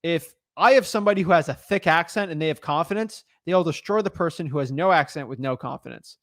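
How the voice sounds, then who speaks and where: Homem animado de voz aguda. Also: male voice, on the high side, fast talker, a bit bright, no echo. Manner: emphatic, repeats points. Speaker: co-host of a live real estate stream. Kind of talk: live stream chat.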